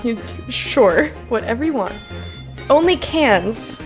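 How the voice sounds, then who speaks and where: A woman's voice: a little high, animated, slow, soft background music. A woman streaming live, chatting casually and laughing hard and often. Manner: chatty, reads and answers chat.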